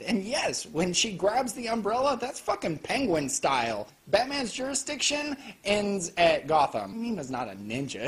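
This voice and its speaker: A man giving a casual, joking film review, full of swearing and quick asides. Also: high-pitched. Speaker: anime reviewer. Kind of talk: casual profane video review.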